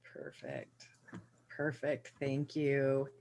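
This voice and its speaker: A woman's voice: very deep voice, sing-song, very slow, a little mellow, a little hiss or hum. A woman chairing a public meeting over a video call, making playful, teacherly announcements. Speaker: commission chair.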